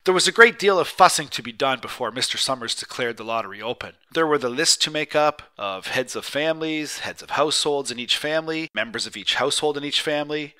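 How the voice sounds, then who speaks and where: A man narrating a short story as an audiobook reader, measured and expressive. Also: medium pitch. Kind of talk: scripted narration.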